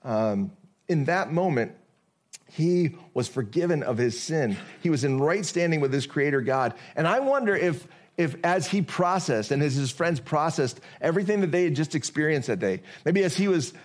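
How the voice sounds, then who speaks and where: A man preaching a sermon as pastor, conversational and full of rhetorical questions, reading scripture slowly and deliberately. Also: a little high, animated.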